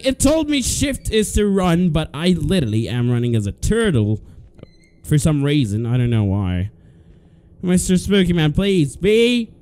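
A jittery man commentating a horror game in a high voice that leaps all over the place. He talks slowly and drawls between sudden yelps, chatting nervously to the monster and cursing under his breath. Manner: talks to the game's monster, swears and mutters to himself. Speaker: let's play gamer.

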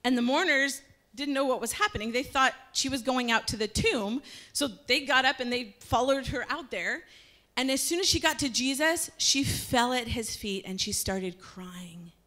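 A woman telling a Bible story to a church, lively and conversational. Her voice is a little higher than usual and moves along in a friendly, easy storytelling rhythm. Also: moderate pace. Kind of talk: casual Bible story retelling.

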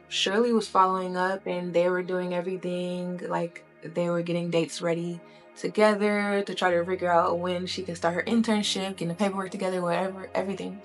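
Chatty woman retelling a story. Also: fairly low pitch. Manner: chatty, conversational, frequent "right?" and "you know". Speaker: commentary vlogger.

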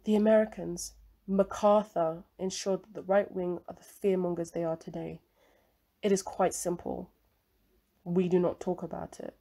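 A woman voicing an elderly male Chinese professor who speaks in a low, bitter, guarded tone. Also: flat delivery, moderate pace, mellow. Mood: stern.

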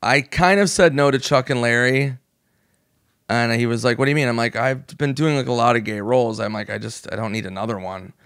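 A man's voice: medium pitch, fairly quick, fairly bright tone, no room sound. Man, 40s, from the US, comedian guest, casual storytelling, swears a lot, acts out quotes, dry close sound. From United States. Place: podcast studio.

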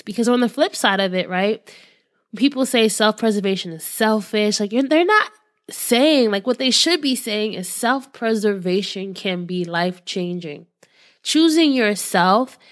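An earnest woman hosts a motivational podcast and talks straight to her listeners. Her voice sits at an ordinary middle pitch. She sounds encouraging and conversational, tossing in casual fillers as she goes. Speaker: podcast host.

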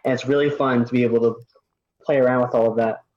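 A man's voice: mid-range voice, steady tone, fast talker, darkish tone. A male voice actor joining a casual chat over a voice call, talking eagerly about his role. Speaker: voice actor guest. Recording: echoey, muffled call audio.

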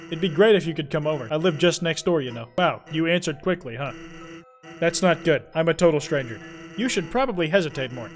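A man's voice: fairly high pitch, lightly acted. A man voicing a laid-back adult male skeleton with a lazy, joking drawl.

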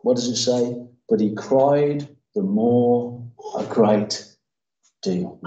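A man's voice: mid-range voice, animated, unhurried, dark tone. A man, preaching a sermon as pastor, acting out quoted voices with emphatic repetition. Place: church hall. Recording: roomy church sound from a distance, dull.

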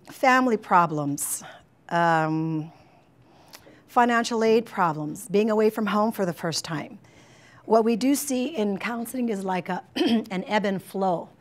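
A middle-aged woman counselor talks to college staff at a mid-range pitch, chatty and animated. She jokes and leans on casual fillers, speeding up and slowing down as her stories unfold. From United States. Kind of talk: informal staff training talk. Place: presentation room, talking to staff.

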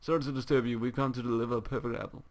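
A man's voice: medium pitch, fairly even intonation, rapid-fire, lightly acted. A man voicing a sly skunk Pokemon villain who speaks with fake politeness in a video game. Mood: smarmy. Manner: smarmy, falsely polite.

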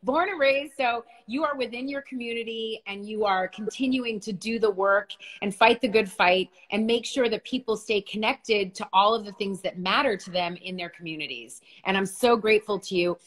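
A woman's voice: mid-range voice, normal speed, few pauses. Bubbly woman livestreaming on a phone. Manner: bubbly, chatty, laughs often. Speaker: livestream host. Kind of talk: casual livestream chat.

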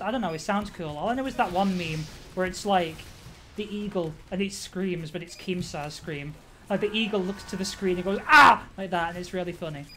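A woman live-streaming a game, chatting casually with her viewers, reacting out loud, swearing and laughing often. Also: on the low side, slight background noise. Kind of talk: casual gaming commentary.

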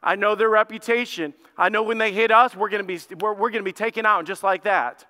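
A man doing a pushy old-world king cutting a shady deal, wheedling and casual about it. The voice sits high, bright and clear. It echoes through a large church hall. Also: fairly even intonation, a little fast. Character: scheming ancient king, pushy and bargaining. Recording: long reverb of a church hall.

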